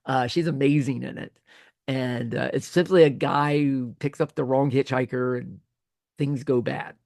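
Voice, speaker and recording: A man's voice: mid-range voice, fairly even intonation, measured pace, creaky, a little mellow, no room sound, clean studio sound. A man giving a casual classroom lecture, chatty and often correcting himself mid-sentence. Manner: chatty, self-correcting with many restarts.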